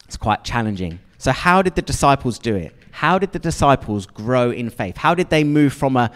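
A man preaching a sermon to a congregation, chatty and questioning, often checking in with his listeners. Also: medium pitch. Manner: conversational, asks the congregation questions. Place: church hall with long reverb. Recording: long hall reverb.

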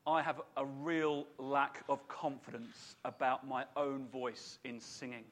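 A man preaching a sermon to a congregation in a lively, chatty way, putting questions to his listeners. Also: mid-range voice, slow pace.

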